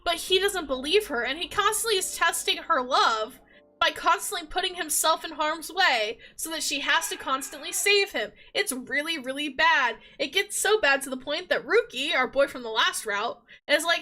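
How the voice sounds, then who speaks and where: A woman livestreamer in casual chat, recapping a game in a rambling, animated way with lots of filler words. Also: sits high, moderate pace.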